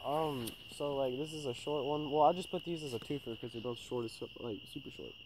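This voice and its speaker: Male co-host, rapid rambling delivery, mellow tone, faint noise and crickets behind. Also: medium pitch. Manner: fast, rambling, filler-heavy and swearing. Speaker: podcast co-host. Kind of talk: casual storytelling chat.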